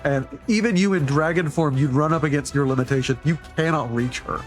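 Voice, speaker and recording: GM, male, higher register, rambling restarts, faint music bed. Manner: halting, full of restarts and fillers. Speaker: game master. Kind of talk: narrating a tabletop game.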